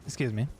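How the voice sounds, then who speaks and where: A young man chats casually while streaming a video game, his voice warm in tone. He rambles, swears, and laughs at himself, with slight background noise behind him.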